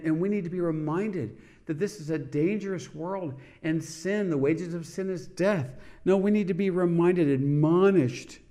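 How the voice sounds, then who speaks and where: A man's voice: fairly high pitch, warm tone. A middle-aged man preaching and hosting a televised sermon program, fervent, stressing his words and calling out hallelujah.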